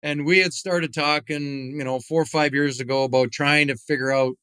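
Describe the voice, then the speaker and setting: Smooth-voiced middle-aged man telling stories. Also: on the high side, fairly even intonation, normal speed, fairly bright tone, no room sound. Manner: rambling, frequent fillers and restarts. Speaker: podcast guest, retired hockey player and whisky founder. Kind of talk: casual interview storytelling.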